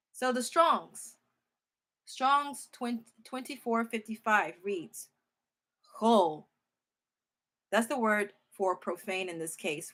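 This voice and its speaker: A woman teaching scripture informally, reading verses slowly, thinking aloud, correcting herself and speaking with emotional emphasis. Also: mid-range voice, fairly bright tone. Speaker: Bible teacher.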